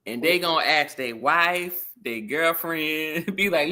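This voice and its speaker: Bright, emphatic woman co-host. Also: low voice, takes it slowly. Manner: animated, emphatic, laughs often, repeats phrases. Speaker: co-host of a live talk show. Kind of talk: casual livestream chat.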